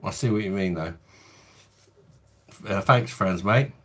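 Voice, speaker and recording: A man nearing forty with a London accent hosts a relaxed beer livestream. His voice sits a bit low, and he chats easily, answering viewers and calling them mate. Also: unhurried, husky. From London, England. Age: 30s. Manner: laid-back, chatty, says mate a lot. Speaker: beer review livestream host. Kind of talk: casual livestream chat, reading viewer comments.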